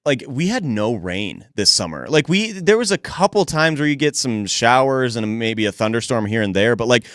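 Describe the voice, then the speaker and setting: Animated man on morning radio. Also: medium pitch, moderate pace, no room sound, studio quality. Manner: chatty, animated storytelling. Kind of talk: casual radio banter. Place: cold radio studio.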